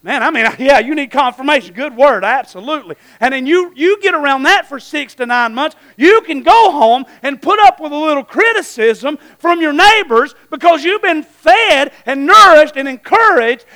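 High, bright-voiced folksy preacher man. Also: normal speed. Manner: folksy, animated preaching with repeated calls of amen; breaks into shouts at high points. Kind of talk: sermon.

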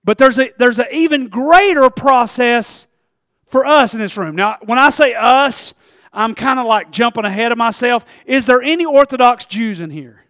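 A man preaching a sermon, joking and laughing at himself, then building up to shouted climaxes. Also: very high voice, moderate pace, no room sound, studio quality. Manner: jokey, self-deprecating, builds to shouting. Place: church.

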